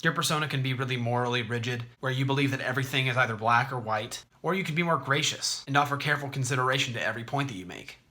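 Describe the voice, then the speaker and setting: A man hosting an explanatory video, talking in a conversational, clear way. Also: mid-range voice, fast talker, hardly any pauses, bright, forceful tone. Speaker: host.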